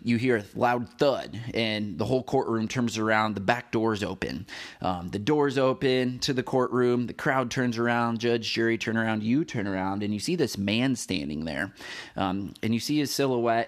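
A man hosting a devotional podcast, talking casually to the listener in a rambling way, with many fillers and restarts. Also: lowish voice. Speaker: podcast host.

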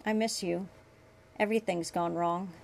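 A woman's voice: on the low side, fairly even intonation, normal speed, creaky. A woman reading aloud, voicing a young male doctor who speaks earnestly and innocently. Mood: pleading. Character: young male doctor, confused then commanding.

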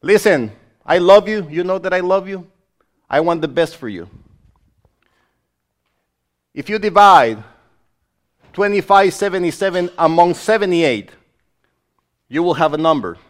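A male pastor delivers a sermon in a noticeably high voice. He is emphatic and exclamatory and keeps speaking straight to his listeners. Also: lively intonation, unhurried, long pauses.

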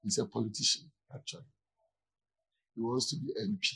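A pastor preaching in an easygoing, conversational way, stopping often to ask whether his listeners follow. His voice is heavily gravelly with a husky edge. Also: mid-range voice, big pitch swings, a little fast, sharp tone, rough recording. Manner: keeps checking in with listeners. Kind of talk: conversational sermon.

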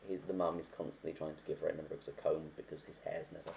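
A man's voice: extremely low pitch, flat delivery, quick pace, vocal fry, a little mellow. A young man co-hosting a casual book podcast, chatty and acting out characters as he tells their stories. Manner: chatty, acts out quoted characters. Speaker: podcast co-host.

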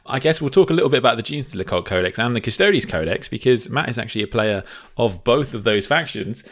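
A man hosting a casual hobby podcast, steering the topics in a steady manner with relaxed fillers. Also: medium pitch, quick pace. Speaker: podcast host. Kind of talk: casual chat.

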